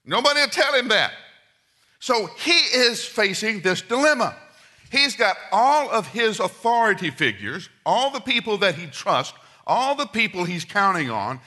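A middle-aged man preaching a sermon, telling stories and swinging from loud, quick asides to hushed, slow lines. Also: sits high, very animated.

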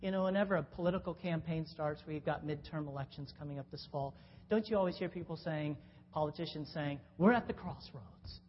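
A woman preacher giving a sermon, telling a story in an animated way, with restarts and sudden jumps in pitch. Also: quick pace. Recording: dull sound in a long-reverb hall with faint noise.

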